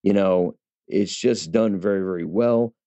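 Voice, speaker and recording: Speaking a little slowly in a low, mellow voice, a man offers a chatty, casual film review aimed right at his viewers, full of fillers and restarts. The dry, dull lo-fi recording carries no room sound.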